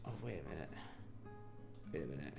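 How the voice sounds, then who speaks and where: A man's voice: very deep voice, expressive, fairly quick, vocal fry, a little mellow, soft background music. A man co-hosting a casual podcast from his home, rambling, swearing freely and laughing often. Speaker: podcast co-host. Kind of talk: casual chat over a call. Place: home in Florida.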